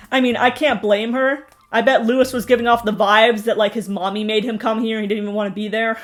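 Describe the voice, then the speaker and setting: A young woman with a fairly high voice running through a reality-show recap. Her delivery is sarcastic and full of mocking asides, with faint music under her talk. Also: flat delivery, fairly quick. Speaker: TV recap host.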